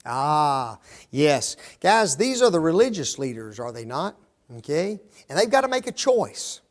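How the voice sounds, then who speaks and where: A high-pitched man leads a Bible study from the front, throwing questions at his listeners. He echoes their answers back and keeps checking in with "okay?" and "don't they?" as he teaches. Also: very animated, measured pace. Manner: asks the class questions and repeats their answers; often tags lines with "okay?" and "don't they?". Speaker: preacher teaching a Bible class. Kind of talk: interactive Bible study sermon.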